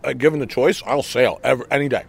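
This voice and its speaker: A man's voice: mid-range voice, fast talker, vocal fry. A man co-hosting a casual podcast chat, laid-back and swearing freely, recorded outdoors and later in a car. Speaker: podcast co-host.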